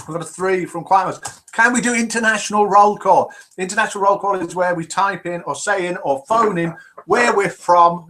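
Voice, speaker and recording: Older english midlands guy hosting a live show from home, fairly high voice, chatty and cheery. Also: bright, forceful tone. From England. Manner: chatty, cheerful, reads out viewer messages. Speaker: host. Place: home room.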